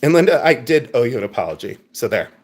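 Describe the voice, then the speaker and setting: A man's voice: mid-range voice, sing-song, quick pace. A man hosting a casual livestream jewelry sale, chatty and joking, turning candid and earnest at times. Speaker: live jewelry sale host. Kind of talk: casual livestream selling chat. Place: coffeehouse.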